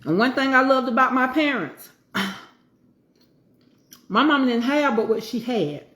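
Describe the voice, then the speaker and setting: A woman's voice: sits high, expressive, slow pace, fairly bright tone, echoey room. A middle-aged woman, chatting casually while she eats, with folksy, preachy asides. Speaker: home cooking vlogger. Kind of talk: casual chat while eating.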